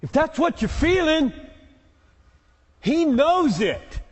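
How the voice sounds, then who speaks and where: A man's voice: extremely high pitch, big pitch swings, takes it slowly. Emphatic man in an echoey hall. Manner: emphatic, repeats key words for force. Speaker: pastor answering audience questions. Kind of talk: live Q&A teaching.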